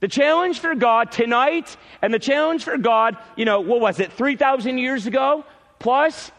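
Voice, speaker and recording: Emphatic high-voiced male preacher, reverberant hall. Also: normal speed, fairly bright tone. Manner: emphatic preaching, repeats key phrases, rises and drops sharply. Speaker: pastor. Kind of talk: sermon.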